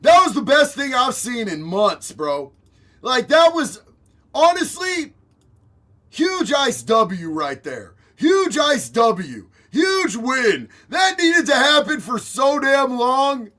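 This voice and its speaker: High bright streamer dude, slow drawn-out talk, swears a lot and yells gleefully. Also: male voice, big pitch swings. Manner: profane, gleeful, often shouting. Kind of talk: live-stream reaction commentary.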